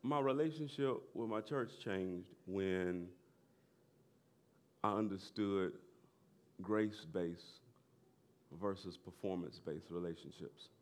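A man's voice: low-pitched, slow pace, long pauses. Man preaching in loose, chatty style. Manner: conversational preaching, laughing asides, rising to loud emphasis. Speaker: pastor. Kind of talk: sermon.

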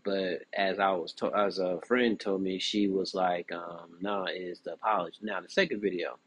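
Husky young man with a lowish voice. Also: normal speed. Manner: animated, frequent "you know what I'm saying". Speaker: podcast host. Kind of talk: casual commentary monologue.

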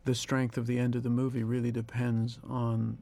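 A man, a film director, giving a reflective audio commentary, thinking aloud with pauses and restarts. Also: medium pitch, completely flat delivery, creaky, mellow.

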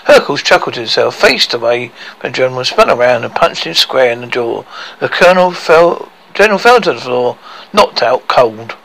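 A man making up a story as he tells it, halting and correcting himself. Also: mid-range voice, big pitch swings, gravelly, a bit bright, low-quality recording. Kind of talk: improvised storytelling.

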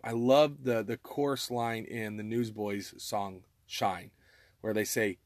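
A man's voice: mid-range voice, steady tone, moderate pace, no room sound. Earnest man preaching, dry close sound. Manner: earnest, exhorting, repeats phrases and restarts. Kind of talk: casual sermon with scripture reading.

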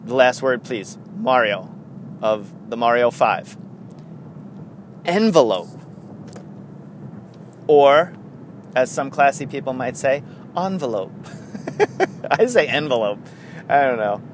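Podcast host, man, New York accent, excitable and rambling, mid pitch, faint car noise in the background. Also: a little slow. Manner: chatty, rambling and excitable, with frequent laughs. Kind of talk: casual solo podcast chat.

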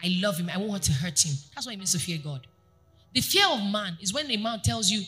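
A woman pastor preaching a sermon to her congregation, animated and often asking them questions. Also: medium pitch, fast talker, soft background music. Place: church.

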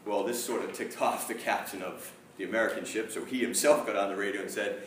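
A male pastor gives an earnest sermon, telling a story with emphatic stress. His voice is low and booms around a very echoey room, and he is heard from some way off the mic. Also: fairly even intonation, fast, few pauses, far from the mic, a little hiss or hum.

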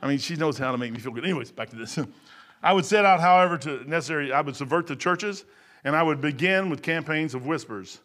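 A man's voice: a little high, animated, fast talker, a bit bright. A man preaching an informal sermon in an emphatic, conversational way, often repeating and restarting his words.

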